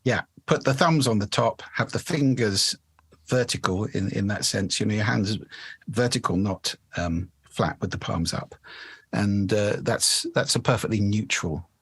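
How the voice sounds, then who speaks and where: A man with a somewhat low, husky voice speaks as a guest coach on a podcast. He explains voice technique patiently and demonstrates different resonances as he goes. The sound is dry and close. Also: unhurried, fairly bright tone, no room sound. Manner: demonstrative, shifts resonance to show voice placement.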